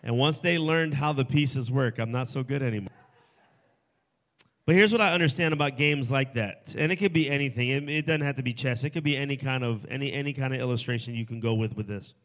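A man preaching a sermon at a festival, swinging from hushed, soft lines to loud, emphatic ones. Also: medium pitch. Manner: dynamic, swings from hushed to shouting. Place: festival stage before a crowd.

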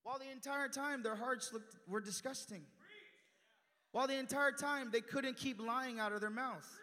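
A young man preaching with a high, bright, ringing voice that jumps from loud emphasis down to quiet asides. His sermon carries a long reverb off the church walls. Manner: animated, swings from loud emphasis to hushed asides. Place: church sanctuary.

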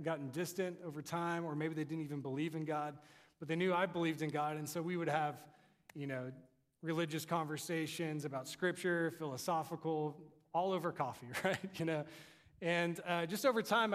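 A young adult man preaching a sermon in a conversational, storytelling way. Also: fairly high pitch. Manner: conversational, animated storytelling with laughs. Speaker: pastor. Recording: long reverb of a hall.

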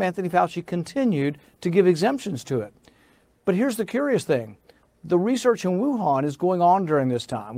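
A man's voice: sits high, a little mellow, dry recording. A middle-aged American man who is a senator, telling a story in an interview in an insistent manner that builds to indignation. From United States.

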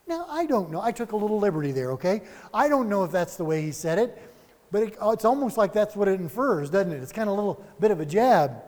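Man, high-pitched voice, conversational sermon, rhetorical questions, reverberant hall. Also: fast talker. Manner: animated, chuckling asides, rhetorical questions. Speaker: Bible study teacher.

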